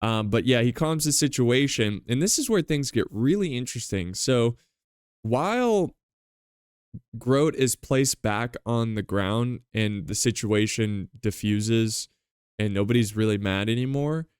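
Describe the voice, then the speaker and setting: Guy rambling through a book recap for his podcast, smooth clear voice, dry close mic. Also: medium pitch, animated, a little slow, no room sound. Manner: chatty and rambling, retelling scenes with enthusiasm. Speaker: podcast host. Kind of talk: casual book-club recap.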